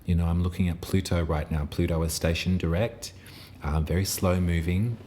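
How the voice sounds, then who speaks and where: A man giving an intuitive tarot reading in a soft, reassuring, meandering way, pausing often and restarting his phrases. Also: deep voice, fairly even intonation, slight background noise. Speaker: tarot reader.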